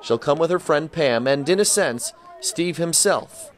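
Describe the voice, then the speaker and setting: A man's voice: fairly high pitch, lively intonation, unhurried. Upbeat male sports reporter. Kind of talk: broadcast news reporting.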